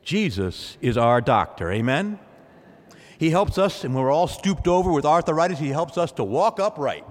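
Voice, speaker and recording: Pastor, male, slightly high voice, lively sermon delivery in a reverberant church hall. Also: normal speed. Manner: animated preaching, calls out "Amen?" to the congregation; acts out voices in quoted lines, swings pitch and loudness widely.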